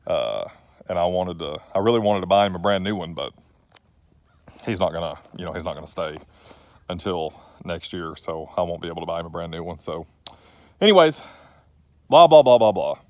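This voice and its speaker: Middle-aged man, low voice, folksy and rambling, dry recording. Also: fairly even intonation, a little fast, no room sound. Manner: folksy, rambling, self-deprecating. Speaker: trucking business owner vlogger. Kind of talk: rambling casual vlog. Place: outdoors.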